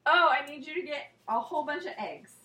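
Lively, teasing woman podcaster. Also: sits high, brisk, roomy sound. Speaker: podcast co-host. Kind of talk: casual chat.

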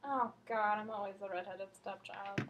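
A woman's voice: mid-range voice, steady tone, normal speed, fairly bright tone, highs cut off. A woman co-hosting a podcast, chatting casually with a joking, self-deprecating manner. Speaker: podcast co-host. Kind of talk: casual chat.

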